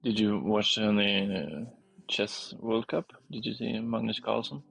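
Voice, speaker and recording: A man joins a casual live stream as a co-host in an upbeat, chatty way. His voice sits somewhat low, with a husky, gravelly texture. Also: measured pace, fairly bright tone, soft background music.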